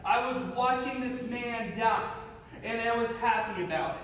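Man from Cincinnati, personal testimony, intense storyteller, loud then hushed; lots of reverb in a large hall. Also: extremely high pitch, normal speed, slight background noise. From Cincinnati, USA. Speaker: speaker sharing his testimony. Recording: echoey hall, mic from far off.

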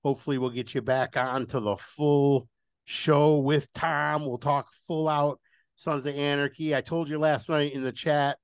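Smooth-voiced, wry male podcast host. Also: fairly high pitch, steady tone, measured pace, no room sound, clean studio sound. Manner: frank, opinionated, wry. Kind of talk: casual chat.

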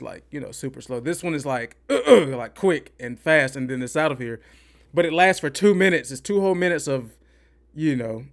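This podcast host's voice is mid-range and a bit bright. He rambles through a casual, opinionated movie review, saying things more than once for emphasis.

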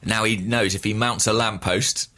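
A man chatting on a podcast in a dry, deadpan way, spinning out absurd stories. His voice is fairly low in pitch but has a bright, sharp edge. The tone stays relaxed and conversational. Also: moderate pace. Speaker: podcast co-host. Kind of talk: casual chat.

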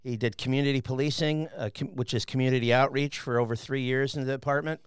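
A man co-hosting a radio show, giving a steady, formal introduction of a guest with small fillers. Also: mid-range voice, fast, clean tone, dry recording, clean studio sound. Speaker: radio co-host.

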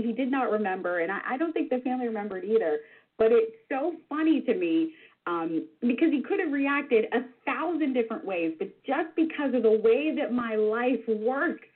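A woman in her forties, a regular contributor, telling a funny personal story in an animated, self-deprecating way. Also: fairly high pitch, husky. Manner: animated, self-deprecating, with vivid sound words. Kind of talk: personal anecdote told to listeners. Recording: tinny phone-line sound.

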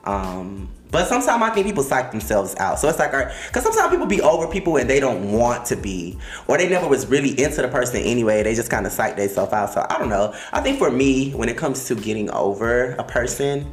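A man with a Miami accent hosting a casual chat, blunt, profane and animated, laughing often. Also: mid-range voice, fast talker, few pauses, reverberant, faint music behind. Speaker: podcast host.

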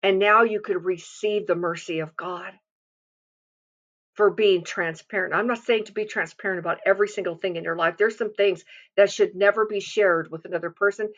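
A woman's voice: mid-range voice, fairly even intonation, moderate pace, fairly bright tone, highs cut off. A woman giving an earnest, confiding devotional sermon, reading scripture and speaking from personal experience with frequent restarts.

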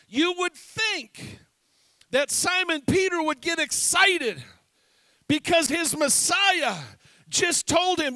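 Male pastor preaching, very high voice, tense sharp tone, dry close sound, animated delivery. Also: slow, no echo. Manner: animated preaching, swings between loud and hushed. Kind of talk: sermon.

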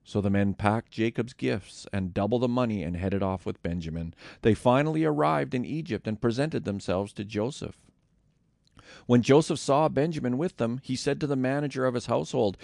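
A man narrating scripture in a measured, deliberate scripted reading. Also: mid-range voice, vocal fry, a little mellow, no room sound, studio quality. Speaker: scripture reader.

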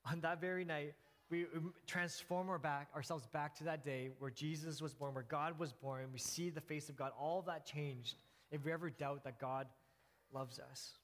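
A man's voice: on the high side, steady tone, normal speed. Earnest preacher man in an echoing hall. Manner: earnest storytelling with restarts and soft laughs. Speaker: pastor. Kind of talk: sermon. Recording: long hall reverb.

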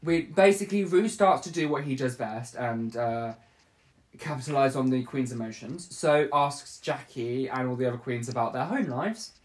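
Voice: mid-range voice, normal speed. Chatty podcast host, rambling. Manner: rambling, chatty, laughs often. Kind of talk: casual chat.

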